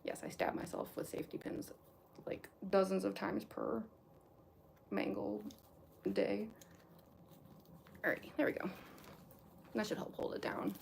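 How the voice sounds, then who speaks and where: A woman's voice: medium pitch, steady tone, a little slow, gravelly, pauses often, darkish tone, a little hiss or hum. A young woman chatting casually while she gets into costume, rambling with lots of fillers and restarts, and later talking with a slight lisp from costume teeth. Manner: rambling, many fillers and restarts, chuckles often. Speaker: cosplayer livestream host.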